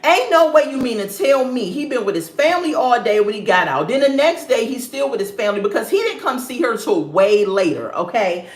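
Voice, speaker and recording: A woman's voice: a little high, big pitch swings, fairly quick, hardly any pauses. A young woman giving a casual, sassy review of a reality show. She laughs often and acts out the people she describes. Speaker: reality TV recap vlogger. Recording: roomy echo.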